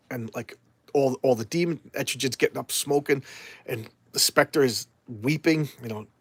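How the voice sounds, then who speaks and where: A man's voice: medium pitch, slightly rough, dry recording. A man casually reviewing comic books, retelling the story in an enthusiastic, rambling way. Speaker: comics collector vlogger.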